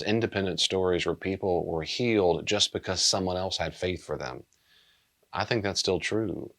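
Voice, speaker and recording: Male pastor, middle-aged, deep voice, earnest and plain-spoken, subdued delivery. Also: a bit bright. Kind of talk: pastoral teaching talk.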